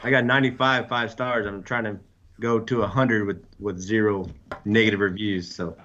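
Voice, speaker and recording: Low-voiced man on a dull line. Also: fairly even intonation, normal speed, a bit bright, a little hiss or hum. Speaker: guest, window cleaner. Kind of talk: casual chat.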